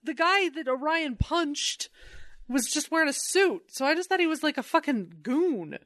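A woman co-hosting a casual podcast about comics. She talks in a laid-back way, swears freely and acts out the characters in quick bits. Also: high voice, lively intonation, a bit bright, dry recording, clean studio sound. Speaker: podcast co-host.

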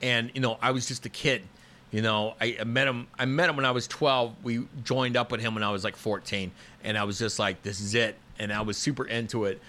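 A man in his fifties chats on a podcast, spinning loose stories with constant fillers and restarts. His voice has a bright, forward edge at an ordinary pitch. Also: steady tone, fairly quick. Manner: rambling, storytelling with many fillers and restarts. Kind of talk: casual podcast conversation.

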